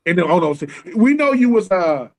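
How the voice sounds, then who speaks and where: A man co-hosting a casual sports talk stream, slangy and animated, acting out other people's lines as he riffs. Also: high voice, brisk. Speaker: podcast co-host. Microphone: live stream call.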